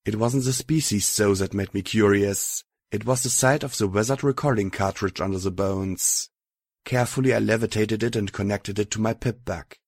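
A man narrating an audiobook in a steady first-person reading. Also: on the low side, normal speed, dry recording, studio quality.

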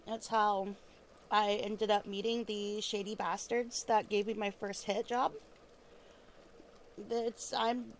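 A woman's voice: on the high side, a little mellow, a little hiss or hum. A woman playing a foul-mouthed weary ex-hitwoman. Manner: casual, profane, halting with fillers and restarts; chewing food while talking. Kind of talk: audio role-play drama.

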